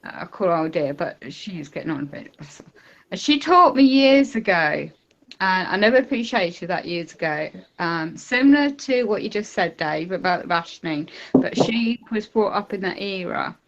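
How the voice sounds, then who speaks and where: A woman's voice: lowish voice, lively intonation, moderate pace, muffled recording. A woman calling in to a live talk show, chatting in a rambling way with lots of fillers and asides. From United Kingdom. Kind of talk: casual chat.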